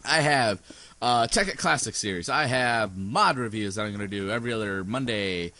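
A man's voice: lowish voice, moderate pace, pushed and bright, no echo. A sleepy young man rambling through let's play commentary, goofy and scattered, with silly asides. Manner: goofy, rambling, sings snippets and silly voices. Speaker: gaming YouTuber.

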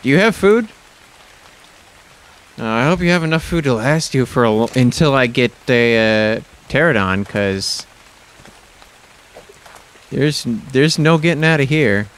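A man casually commenting on his own video game play, excitable and self-mocking, yelping when surprised. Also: medium pitch, unhurried, pauses often. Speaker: gaming YouTuber.

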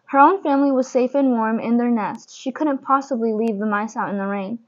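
A young woman reading a children's storybook aloud with expressive delivery. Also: on the high side, a little fast. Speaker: reader. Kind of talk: reading a picture book aloud. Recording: dull lo-fi recording.

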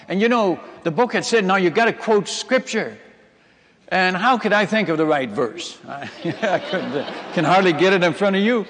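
Male preacher, high-ish voice, dramatic sermon storytelling, big hall reverb. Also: lively intonation, normal speed, fairly bright tone, breathy edge. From Netherlands. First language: Dutch. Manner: emphatic, dramatic retelling that addresses the audience as friends and folks. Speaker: missionary preacher.

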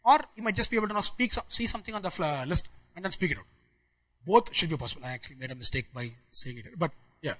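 A man giving a technical conference talk, talking quickly with frequent restarts and fillers. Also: high voice, animated, fairly bright tone, rough recording. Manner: rapid, many restarts and fillers. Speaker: conference speaker.

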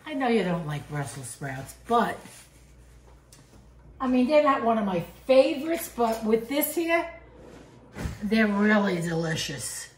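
An older woman talks slowly and chattily as she cooks, a grandmotherly home cook with chuckling asides. Her voice sits at an ordinary pitch and rings around an echoey kitchen, with a faint hum behind it. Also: big pitch swings. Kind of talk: casual cooking demonstration.

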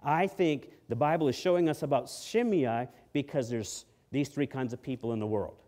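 A pastor preaching an emphatic sermon, swinging between quiet and loud lines and acting out quotes from the story. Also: male voice, mid-range voice, moderate pace.

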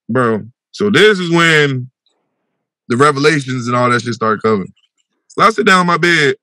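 A young man telling a wild personal story on a podcast, animated and full of slang, acting out his own voice with big swings in pitch. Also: normal speed, no echo. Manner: slangy, repeats "bro" and "yo".

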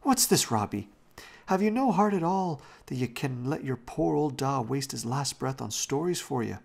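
A man's voice: mid-range voice, expressive, moderate pace, vocal fry, voice pushed up. A man voicing a stern older woman who scolds sharply in a raised voice. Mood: scandalized.

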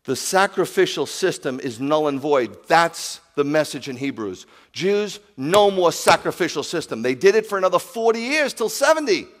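A man preaching a sermon as rabbi, animated, swinging from loud exclamations to quiet asides. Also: on the high side, normal speed, hardly any pauses, long reverb tail.

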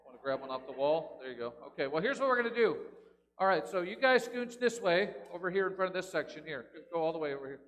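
Upbeat male pastor for a kids' sermon, bright and high, church reverb. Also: animated, quick pace. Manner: jokey, upbeat, chanting call-and-response. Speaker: pastor leading a children's talk. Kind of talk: playful children's message in church. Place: large church sanctuary. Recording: long reverb of a big church.

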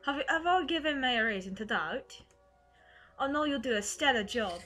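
A woman doing a smooth, flattering older boss in a put-on British accent. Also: a little high, normal speed, soft background music. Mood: suave. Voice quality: flattering, theatrical delivery. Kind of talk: reading game dialogue aloud.

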